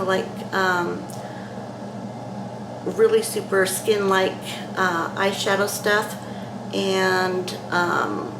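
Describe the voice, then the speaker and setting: Woman vlogger, unhurried and hesitant delivery, echoey room with faint hiss. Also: mid-range voice. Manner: halting, with many fillers and restarts. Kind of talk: casual vlog talk to camera.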